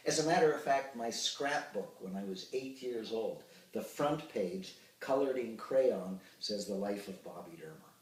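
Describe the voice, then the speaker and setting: A man in his sixties, an actor telling expressive anecdotes with hesitant fillers in an interview. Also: fairly low pitch, a little slow, hardly any pauses. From Ottawa, Canada. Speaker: actor and puppeteer, interview guest. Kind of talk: reminiscing interview. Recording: roomy sound, distant from the mic.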